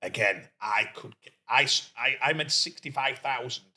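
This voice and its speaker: A man from Doncaster with a Yorkshire accent, a guest entrepreneur telling lively stories in a casual interview and acting out what people said. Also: medium pitch, normal speed. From Doncaster, England. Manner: lively storyteller who acts out quoted speech.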